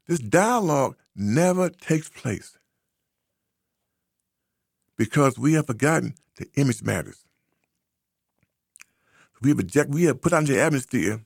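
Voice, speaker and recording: A man from the United States delivering an impassioned commentary. His voice is gravelly and a little husky, and his pitch swings widely as he drives home his points with preachy, repeated phrases. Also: lively intonation, moderate pace, pauses often, dry recording, clean studio sound. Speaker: social commentator.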